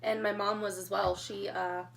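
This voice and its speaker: A young woman telling her engagement story in a casual storytime vlog, chatty and excitable, getting emotional as she talks. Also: medium pitch, moderate pace, vocal fry, a little hiss or hum. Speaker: vlogger.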